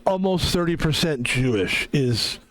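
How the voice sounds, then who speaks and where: A young man streaming a video game, chatting casually in an excitable, rambling way and laughing often. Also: on the high side, measured pace, no room sound, poor audio. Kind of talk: casual live-stream chat.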